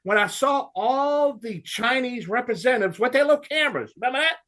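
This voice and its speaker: A man's voice: very high-pitched, expressive, brisk, pushed and bright. A man with a Cajun accent hosting a home improvement radio talk show, folksy and ranting.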